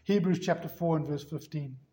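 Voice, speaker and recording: A man's voice: a little high, brisk, dark tone, echoey room, poor audio. A man preaching a sermon with emphasis, firing off rhetorical questions at the congregation. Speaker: pastor.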